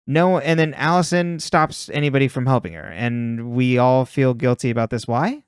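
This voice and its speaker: A man talks through a story recap in a relaxed, conversational way. His voice is smooth and clear, and his tone is wry. The room sounds dry and close. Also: mid-range voice, normal speed, dry recording. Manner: recaps plot in a plain, wry tone and laughs often. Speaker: podcast co-host recapping episodes. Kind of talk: casual chat, reading a plot recap.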